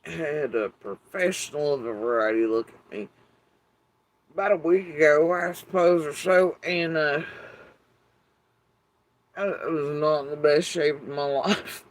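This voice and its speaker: A slightly high-voiced middle-aged man addresses his YouTube audience at a measured pace, leaving long pauses, on poor audio. He rambles casually and wryly, swearing freely and using many fillers.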